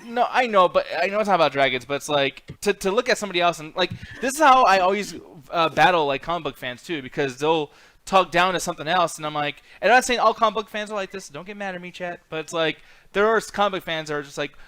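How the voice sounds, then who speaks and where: A man co-hosting a casual chat show, ranting fast and swearing freely. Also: high-pitched, animated, bright, forceful tone, no echo. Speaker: podcast co-host.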